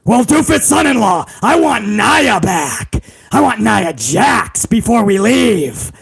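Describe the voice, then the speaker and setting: A man doing a mocking impression of a blustering old male company boss who shouts orders. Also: high-pitched, sing-song, slow, exaggerated voice. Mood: bossy. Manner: shouting, raspy, gleeful bellowing.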